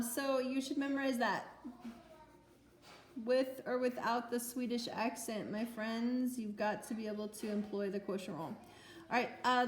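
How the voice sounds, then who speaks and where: A woman's voice: on the high side, slight background noise. A woman teaching math in a recorded lecture, chatty and playful, poking fun at herself with filler ums. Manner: chatty, playful, self-mocking. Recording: roomy echo.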